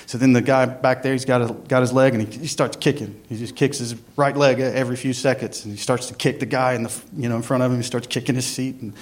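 A man's voice: mid-range voice, fairly even intonation, fast talker, hardly any pauses. A man, a church worship director giving a casual, rambling sermon with prayer and a joke, full of ums and uhs. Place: church sanctuary.

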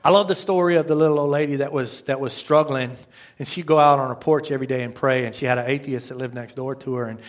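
A man preaching a sermon, with lively, conversational rhetorical questions and slow, measured scripture readings. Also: medium pitch. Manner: slows to a measured pace when reading scripture. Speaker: pastor.

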